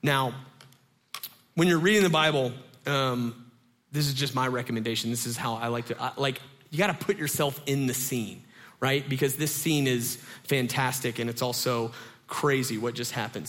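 A man in his thirties preaching a casual sermon, telling stories in an animated way with many fillers. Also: medium pitch. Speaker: pastor.

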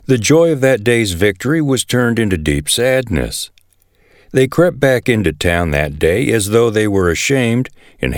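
A man reading a Bible passage aloud in an expressive storytelling way. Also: deep voice, no echo, studio quality. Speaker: Bible reader. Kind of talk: scripted scripture reading.

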